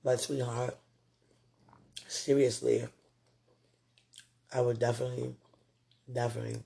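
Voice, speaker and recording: Male vlogger, husky and breathy, tender and rambling, late-night heartfelt faith talk. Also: mid-range voice, fairly even intonation, a little slow, pauses often, a little mellow. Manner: rambling and tender, full of "you know".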